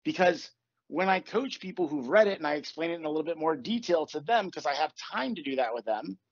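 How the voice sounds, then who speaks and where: A man's voice: fairly high pitch, animated, fairly quick. A man hosting a casual podcast as a coach, talking bluntly with tough love and swearing. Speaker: podcast host and manifestation coach. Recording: dull lo-fi recording, dry.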